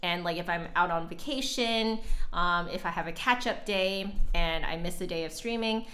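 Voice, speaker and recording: A woman's voice: on the low side, moderate pace, bright, forceful tone. A young woman musician chatting casually with her live-stream audience, giggling often and a little out of breath. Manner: chatty, giggly, reads chat aloud. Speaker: flutist streamer.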